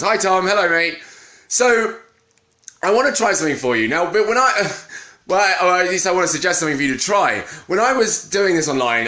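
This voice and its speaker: Animated man in an echoey room. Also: fairly high pitch. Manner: animated, greets viewers mid-talk, trails off and restarts. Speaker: vlogger. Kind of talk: casual live-stream chat.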